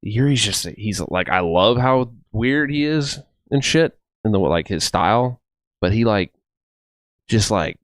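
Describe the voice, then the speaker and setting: A man's voice: on the low side, animated, unhurried, no room sound, clean studio sound. A man co-hosting a casual podcast as they watch fights, talking in a rambling way full of "like" and restarts. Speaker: podcast co-host.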